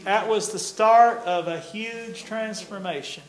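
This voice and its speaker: A man's voice: high voice, slow. An older man, telling a folksy testimony in a sermon. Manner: folksy storytelling with laughs and nonstandard grammar. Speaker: preacher. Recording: echoey room.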